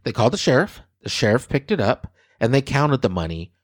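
A man in his forties hosting a casual show, reading odd news stories and bantering in an animated, exclaiming way. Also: mid-range voice, brisk, dry recording, studio quality. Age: 40s. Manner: animated, exclaiming, addressing viewers as guys. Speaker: show host.

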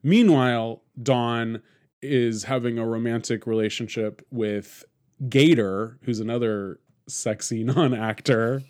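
Chatty male podcast host, casual film talk, rambling and quick to laugh. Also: mid-range voice, fairly even intonation, a little mellow. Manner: rambling, laughs often, many fillers and restarts.

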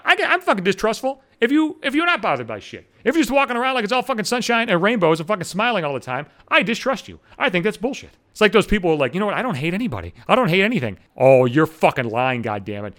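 A man rants into his podcast mic, swearing constantly as he vents about what bugs him. His voice sits high and leaps around wildly. He talks at a quick clip. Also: a bit bright. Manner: profane, heated venting. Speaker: podcast host. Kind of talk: solo ranting podcast.

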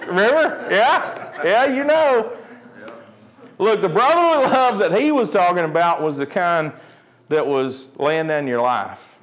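A man preaching a sermon, swinging between joking asides and quiet, earnest points. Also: high voice, unhurried. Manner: animated preaching, jokey asides, drops to quiet earnest tones. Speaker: pastor.

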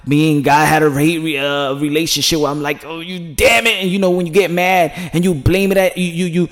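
A man giving passionate, preachy commentary in a vlog, swinging from hushed to loud and emphatic. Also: a little high, steady tone, fairly quick. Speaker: commentary vlogger.

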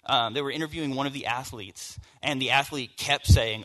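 A man from the American South preaching a conversational sermon, moving from hushed storytelling to emphatic points. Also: medium pitch, steady tone, normal speed, few pauses. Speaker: pastor.

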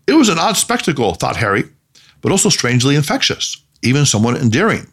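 A man narrating a story in a measured, expressive way. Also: medium pitch, husky.

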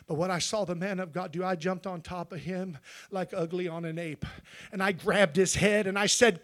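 A man preaching a Pentecostal sermon in a church, moving between hushed storytelling and shouted, drawn-out emphatic phrases. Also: high voice, steady tone. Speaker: pastor. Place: church sanctuary.

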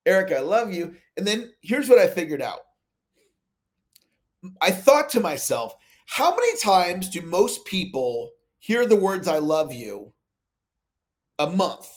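Guy with a pretty high voice, coaching call over zoom, lively storyteller who does both sides of the chat. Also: takes it slowly, pauses often. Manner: animated storytelling, acts out both sides of dialogues. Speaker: sales coach, call host. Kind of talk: motivational talk on a live call. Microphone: video call.

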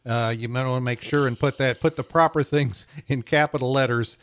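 A man in his sixties from Missouri, co-hosting a casual podcast, talking in a rambling, halting way with frequent chuckles. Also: mid-range voice, steady tone. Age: 60s. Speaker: podcast co-host. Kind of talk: casual chat.

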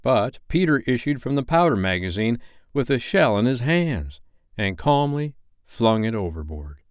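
A man reading a classic novel aloud as a bedtime story, measured and expressive. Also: medium pitch, dry recording, studio quality.

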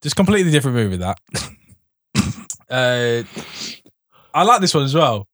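A man's voice: medium pitch, sing-song, moderate pace, fairly bright tone, no echo. A man co-hosting a podcast, trading film puns in a casual, laughing chat. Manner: joking, pun-making, laughs often. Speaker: podcast co-host.

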